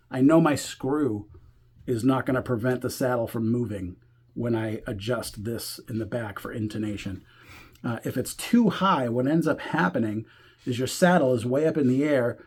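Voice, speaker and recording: A man walking through a guitar setup step by step, talking in a relaxed way while he works and thinking aloud as he goes. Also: medium pitch, breathy edge. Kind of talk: hands-on tutorial explanation.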